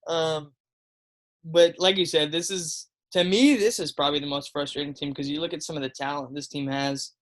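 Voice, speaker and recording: A man's voice: on the high side, fairly even intonation, moderate pace, fairly bright tone. A man co-hosting a casual sports podcast, talking in an easygoing way with frequent laughs and fillers. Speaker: podcast co-host.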